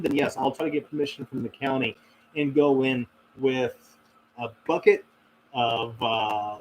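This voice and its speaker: Over poor audio with a little hiss or hum, a man with a mid-range voice runs a casual livestream Q&A. Answering viewer questions, he rambles reflectively and keeps using fillers and restarting his sentences.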